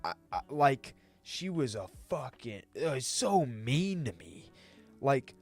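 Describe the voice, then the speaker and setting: A man's voice: big pitch swings, slow, faint music behind. A young man telling a casual retail story time, ranting and swearing, his voice jumping up when he gets exasperated. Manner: ranting, swings high when exasperated, profane.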